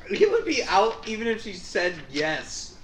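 A man's voice: sits high, huge pitch swings, a little slow. A man in casual group chat, joking and posing hypothetical questions to his friends. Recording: echoey room with faint background noise.

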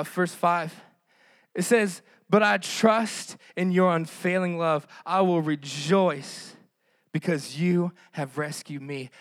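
High-voiced preaching man, dry sound. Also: dry recording. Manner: impassioned, rhetorical repetition with frequent fillers. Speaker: pastor. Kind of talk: sermon.

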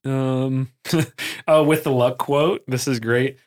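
A man talking as a podcast guest in a casual, energetic way, full of fillers and restarts. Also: medium pitch, slow. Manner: energetic and excitable, heavy use of "like" and fillers. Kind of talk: casual conversational storytelling.

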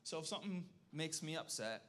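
A man's voice: fairly high pitch, animated, brisk, a bit bright. Guy in his 30s doing a church testimony, earnest and folksy, keeps saying okay?, choked up. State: emotional, close to tears. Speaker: church speaker. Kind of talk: personal testimony talk.

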